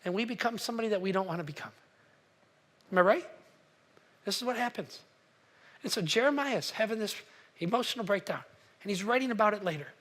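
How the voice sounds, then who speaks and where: Animated high-voiced male pastor preaching. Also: fairly quick, long pauses. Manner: animated storytelling, acting out quotes, asks the congregation. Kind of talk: sermon.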